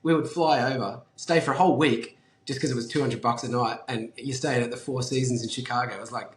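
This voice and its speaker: A man's voice: medium pitch, steady tone, quick pace, a little hiss or hum. A man telling stories casually as an interview guest, chatty and laughing often, with casual swearing. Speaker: interview guest, business founder. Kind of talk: casual storytelling. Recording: echoey room.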